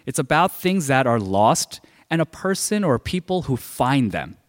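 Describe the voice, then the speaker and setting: A pastor shares his sermon as a personal story in a loose, conversational way, using "like" heavily among many fillers. His medium-pitched voice has big pitch swings and moves a little slowly. The sound carries a long hall reverb.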